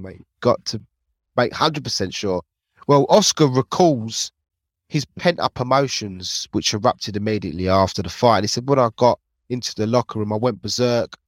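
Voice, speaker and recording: A man's voice: medium pitch, no echo, studio quality. A man co-hosting a boxing show, blunt and chatty, mixing his own asides with the story. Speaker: podcast co-host. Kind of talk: casual boxing chat.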